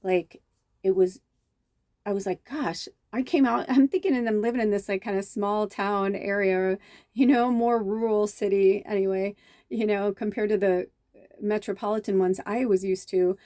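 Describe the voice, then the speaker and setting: Woman, middle-aged, chatty medium vlogger, rambling with restarts, soft mellow tone, dry close sound. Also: mid-range voice, fairly even intonation, normal speed, no echo. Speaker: medium and tarot reader. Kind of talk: casual spiritual storytelling vlog.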